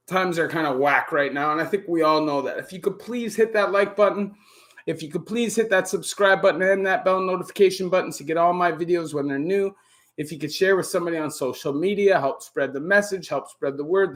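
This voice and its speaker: High-voiced Canadian man chatting on a live stream. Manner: laid-back, greets viewers by name, frequent "you know". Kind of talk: casual live-stream chat. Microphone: camera on a stand.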